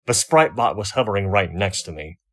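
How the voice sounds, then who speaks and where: A man reading a first-person fan fiction story aloud, wry and expressive. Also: lowish voice, moderate pace. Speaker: audiobook reader.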